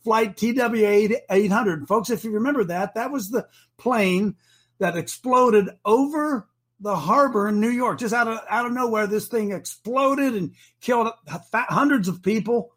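A man hosts a talk show, setting up the story and pressing his guest with emphatic, leading questions. His voice sits notably high for a man. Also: normal speed, fairly bright tone. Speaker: host.

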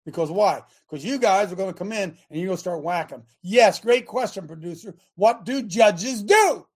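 A man's voice: high voice, moderate pace, breathy edge. Emphatic preaching radio host, middle-aged man. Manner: emphatic, rising to near shouts when quoting scripture; chatty, speaks directly to listeners and producer. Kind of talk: sermon-style Bible teaching.

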